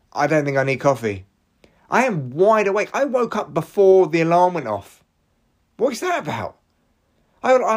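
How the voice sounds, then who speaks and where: A man, a comedian hosting his own podcast, rambling solo with hyper energy, restarts and excited jumps in his voice. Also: a little high.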